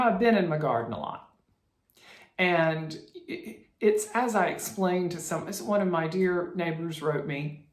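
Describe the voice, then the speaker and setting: A chatty woman talks casually to her viewers in a cross-stitch vlog, looping back and restarting her sentences as she goes. Her voice sits very low for a woman. The recording has a roomy echo around it. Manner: chatty and rambling, with many restarts and fillers. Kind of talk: casual chat to camera.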